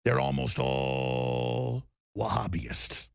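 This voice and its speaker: A man's voice: deep voice, very animated, extremely slow, vocal fry, smooth, dry recording, clean studio sound. A man delivering an angry political rant, heated and emphatic, with mocking asides. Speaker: political commentator.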